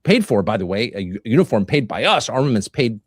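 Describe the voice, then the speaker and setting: A man giving political commentary in a measured way, posing rhetorical questions. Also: on the low side, big pitch swings, breathy edge, no echo, clean studio sound. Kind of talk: played commentary clip.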